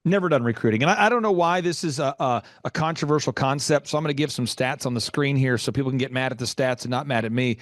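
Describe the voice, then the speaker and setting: A man hosting a business podcast, talking emphatically, repeating his points and leaping up in pitch in disbelief. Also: fast talker, hardly any pauses, a bit bright, no echo, clean studio sound. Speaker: podcast host, business coach. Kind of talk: animated interview talk.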